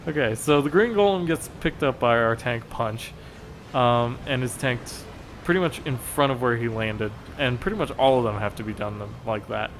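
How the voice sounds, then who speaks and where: A man at an everyday middle pitch talks through a raid fight in a game, step by step. He rambles, fills gaps with hesitations, and chuckles at his own mistakes. A faint hiss sits under his voice. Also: normal speed. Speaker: gameplay commentator. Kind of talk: explaining a raid strategy over gameplay footage.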